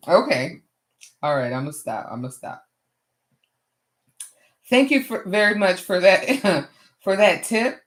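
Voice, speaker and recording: A woman's voice: fairly low pitch, big pitch swings, takes it slowly, long pauses. A woman hosting a live crafting stream, chatting casually with viewers and laughing at herself. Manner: laughs often, talks back to chat, Southern-style "y'all". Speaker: craft livestream host.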